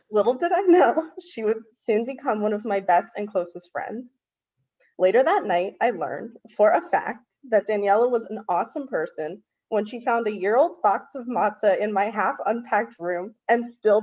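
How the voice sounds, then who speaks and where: A woman's voice: medium pitch, a little mellow, highs cut off. A young woman reading a prepared tribute to her best friend at a student ceremony. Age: young adult. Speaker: student speaker honoring a friend.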